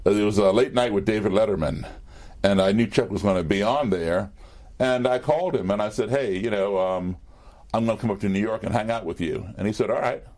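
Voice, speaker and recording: Man, interview guest, low voice, chatty storytelling, fillers and restarts, TV studio. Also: fairly quick. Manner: animated anecdotes with fillers and restarts. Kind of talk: storytelling in conversation.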